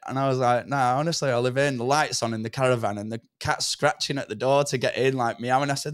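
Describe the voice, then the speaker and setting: A man's voice: mid-range voice, fairly even intonation, fairly quick, clean tone, no room sound, studio quality. A young man telling a rambling story from his past, with swearing and lots of "do you know what I mean". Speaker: podcast guest. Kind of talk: casual storytelling.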